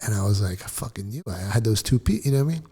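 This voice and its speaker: A middle-aged man with a low, husky voice tells his story bluntly and profanely, full of swearing and vivid retelling. He talks casually, as a guest in an interview. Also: expressive, racing, dark tone.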